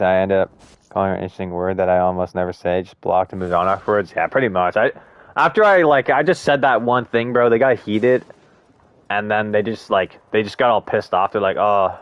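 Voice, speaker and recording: A young man chatting casually to viewers while live-streaming a game, with laid-back slang and frequent swearing. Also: fairly low pitch. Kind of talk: casual gaming stream chat.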